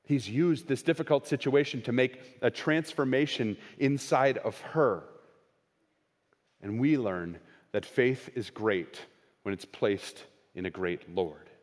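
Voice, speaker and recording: A man preaching a sermon, swinging between raised, quoted lines and hushed, slowed emphasis. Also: medium pitch. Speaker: pastor. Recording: long hall reverb.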